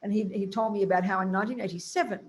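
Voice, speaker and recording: A woman's voice: mid-range voice, fairly even intonation, rapid-fire. A woman Buddhist nun giving a teaching talk in a blunt, emphatic, colloquial way.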